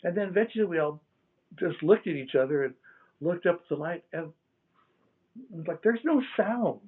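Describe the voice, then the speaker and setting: Older guy, kinda high voice, animated storyteller doing little sound effects, tinny phone-line audio. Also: normal speed, slightly rough. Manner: animated, laughs and imitates sounds. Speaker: interview guest. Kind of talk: casual storytelling.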